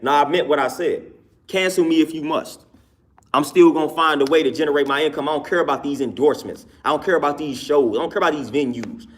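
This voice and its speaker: A man hosting a livestream and talking casually to his viewers' comments, repeating his points twice with emphasis and laughing between them. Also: fairly high pitch. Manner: repetitive, emphatic, says each point twice. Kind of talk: casual talk to a live chat.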